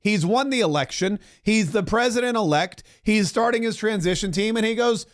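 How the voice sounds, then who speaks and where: High-voiced sarcastic male commentator. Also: lively intonation, moderate pace. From Florida. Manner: sarcastic, mocking, mimics quotes. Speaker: podcast host. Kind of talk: livestream political commentary.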